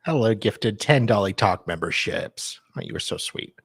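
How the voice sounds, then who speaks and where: A man's voice: lowish voice, expressive, normal speed, gravelly, slightly rough, no room sound. A man hosting a live stream reaction, laid-back, reading out and thanking viewers. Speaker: streamer host.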